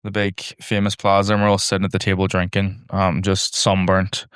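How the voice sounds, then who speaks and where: A man, co-hosting a comedy podcast and telling a story with loud shouted quotes. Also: low voice, completely flat delivery, fairly quick, smooth, no room sound, studio quality. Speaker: podcast co-host. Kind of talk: casual chat.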